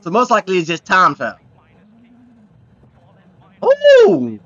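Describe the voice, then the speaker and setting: A man hosting a reaction video, with excitable, exclamatory commentary full of profane slang. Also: high voice, a little fast, highs cut off.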